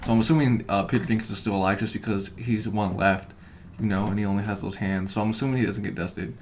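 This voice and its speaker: A man co-hosting a podcast in casual chat, rambling and swearing, getting loud when he retells what people said. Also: on the low side, fairly even intonation, fast talker, slight background noise. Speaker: podcast co-host.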